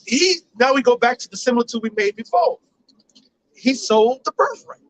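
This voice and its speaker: A man's voice: extremely high pitch, sing-song, moderate pace, no room sound, poor audio. A man teaching a Bible study in street slang, profane and playful, often telling the reader to go ahead.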